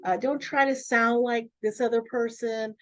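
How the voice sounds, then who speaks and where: High-voiced, emphatic radio host woman. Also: normal speed, no echo, poor audio. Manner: emphatic, free-flowing, animated. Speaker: radio host and network owner. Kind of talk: casual interview talk.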